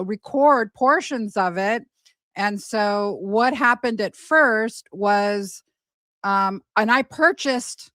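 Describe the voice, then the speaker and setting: A woman hosts a casual gossip livestream in a chatty, rambling way, full of fillers. Her voice sits at a middling pitch. The sound is dry, with no room around it. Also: fairly bright tone, no echo. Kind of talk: casual live commentary.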